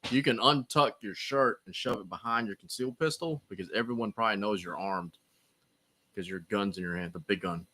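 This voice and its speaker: Bright-voiced joking man. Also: fairly low pitch, brisk, a little hiss or hum. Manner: dry joking asides, laughs at his own jokes. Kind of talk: casual chat.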